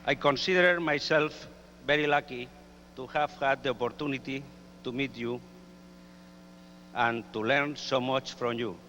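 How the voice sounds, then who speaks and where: A man's voice: mid-range voice, fairly even intonation, measured pace, long pauses, bright, forceful tone. A man giving an earnest, grateful tribute speech at a dinner. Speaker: dinner speaker honoring a colleague. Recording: echoey hall, dull sound, faint hum.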